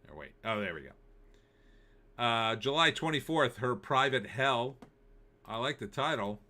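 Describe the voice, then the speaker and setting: Middle-aged male host with a bright, sharp tone, opinionated and sarcastic in loose chat. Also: mid-range voice, lively intonation, measured pace. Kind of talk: casual live-stream commentary.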